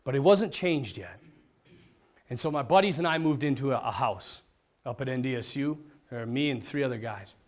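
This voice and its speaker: A priest giving a personal testimony to a group, animated and self-mocking. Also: male voice, medium pitch, moderate pace. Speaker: priest, vocation director.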